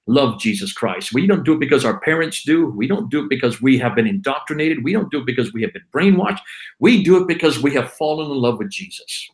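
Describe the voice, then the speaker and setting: This livestream co-host, a Christian apologist, has a mid-range voice captured in a low-quality recording. He preaches passionately, driving his exhortations home by repeating emphatic refrains.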